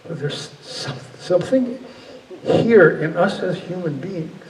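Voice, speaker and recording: A man's voice: sits high, animated, slow pace, a little mellow. Earnest man speaking in an echoey hall. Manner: earnest, searching, frequent restarts. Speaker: guest speaker. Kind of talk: reflective public talk. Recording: echoey hall from far off, faint ambience.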